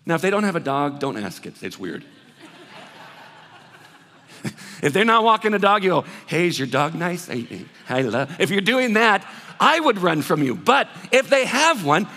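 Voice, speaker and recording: A man preaching a sermon, telling a story with lively acted-out dialogue before moving into scripture. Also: sits high, normal speed, long pauses. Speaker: pastor. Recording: reverberant hall sound.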